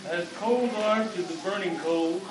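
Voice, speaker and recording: A man's voice: high voice, measured pace. A man in the congregation reading scripture verses aloud. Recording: distant echoey recording with noise.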